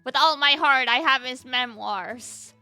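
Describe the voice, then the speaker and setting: A woman's voice: high-pitched, unhurried, sharp tone, dry recording, soft background music. A woman game streamer in casual chat, talking to her viewers, laughing often and answering chat as she plays.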